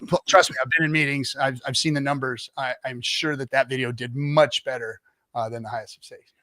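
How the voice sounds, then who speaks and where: A man's voice: medium pitch, steady tone, a little fast, pushed and bright, no echo. A middle-aged man chatting casually on a livestream, spinning a long anecdote and acting out other people's lines. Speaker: livestream guest telling stories. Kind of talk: casual storytelling chat.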